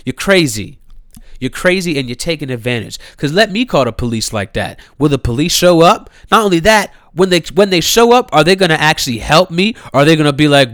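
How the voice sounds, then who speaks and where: A man's voice: fairly high pitch, sing-song, moderate pace, a bit bright, no room sound, clean studio sound. A man, delivering a heated, incredulous rant, swearing freely and repeating himself. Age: 30s. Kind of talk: impassioned rant to camera.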